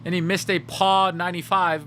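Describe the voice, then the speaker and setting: A man voicing a smug, wealthy British gentleman with a put-on British accent, prim and affected. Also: high voice, flat delivery, moderate pace, slight background noise, voice pushed up. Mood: posh.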